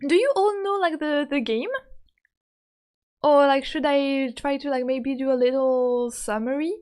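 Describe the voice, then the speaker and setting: A woman's voice: high voice, unhurried, darkish tone. A young woman from France with a French accent, chatting casually and giggling often with her live-stream viewers.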